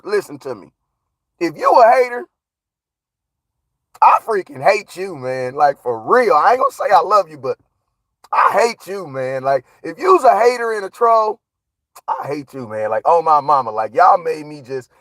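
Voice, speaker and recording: A man hosting a casual live stream, giving viewer shout-outs in a slangy, hyped way that swings from low mutters to loud shouts. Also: no echo. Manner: slangy, repeats catchphrases. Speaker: livestream host.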